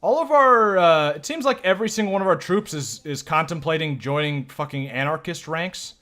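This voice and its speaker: A man's voice: a little high, normal speed, pushed and bright. A man streaming live gameplay, commenting casually in a joking, profane, self-mocking way. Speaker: game streamer.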